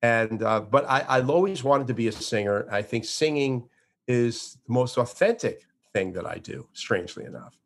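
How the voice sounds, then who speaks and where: A man's voice: mid-range voice, moderate pace. Talkative man in his sixties telling stories. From Florida, USA. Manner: animated storyteller with frequent restarts. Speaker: guest, entertainer. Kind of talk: interview conversation.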